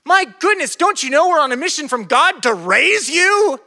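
A frantic mother scolds her runaway twelve-year-old son, pleading and exasperated, as a preacher puts her on. The voice sits high and bright and comes out loud. Her words pour out in a rush of worry. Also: huge pitch swings, moderate pace, heavily acted.

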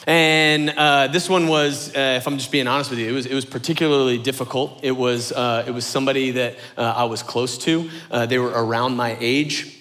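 A young adult man, a lead pastor, preaching a sermon as an animated storyteller who acts out quotes in a high voice. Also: fairly quick. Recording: long hall reverb.

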